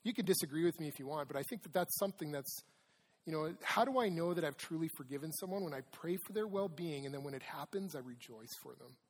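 A man's voice: a little high, expressive, fast talker, slightly rough, big-room sound. A man preaching a sermon as pastor. He talks conversationally with personal stories and asides, and reads scripture aloud with emphasis.

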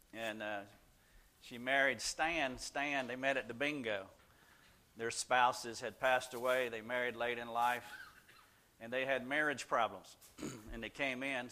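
A man's voice: mid-range voice, bright, forceful tone. An older man, a Christian counselor, telling folksy, self-deprecating stories to a small group in a casual way, with many "uh" fillers. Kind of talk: casual storytelling talk.

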